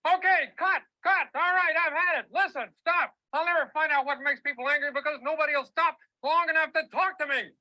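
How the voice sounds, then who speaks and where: A man's voice: very high-pitched, brisk, few pauses, pushed and bright, highs cut off, full character voice. An actor playing a stammering male frog street reporter in a puppet sketch, nasal and flustered. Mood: exasperated.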